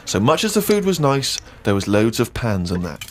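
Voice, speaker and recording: A man's voice: medium pitch, sing-song, normal speed, slight background noise. A man hosting a podcast, teasing his guest and reading a diary aloud in a mock-serious way. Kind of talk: mocking podcast banter and reading.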